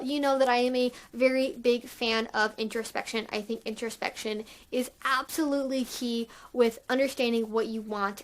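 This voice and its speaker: Brief: woman channel host, high voice, candid chatty delivery. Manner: chatty, frank, filler-heavy. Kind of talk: candid conversational vlog talk.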